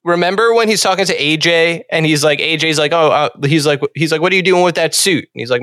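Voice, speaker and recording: A man's voice: a little high, fast talker, few pauses, a bit bright, no room sound, studio quality. A man hosting a podcast in casual chat, laughing often and swearing casually. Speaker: podcast host.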